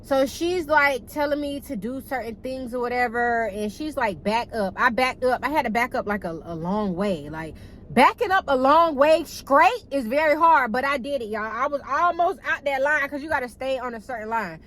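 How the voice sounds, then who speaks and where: A young woman telling a casual storytime to her viewers in a chatty, animated way, cussing freely and calling them y'all. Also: high voice, moderate pace, slight background noise, rough recording. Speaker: vlogger.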